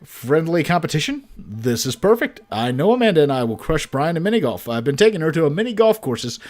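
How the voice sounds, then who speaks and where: Man reading an overly intense game dad, earnest, lively pitch. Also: a little fast. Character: earnest competitive middle-aged dad.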